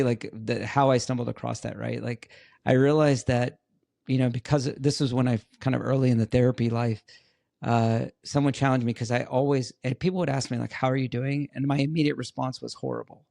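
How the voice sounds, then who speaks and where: A man's voice: medium pitch, fairly even intonation, a little fast, creaky, a little mellow, no room sound, clean studio sound. A middle-aged man, a podcast guest, chatting casually and telling stories earnestly, repeating words for emphasis. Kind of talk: casual interview chat.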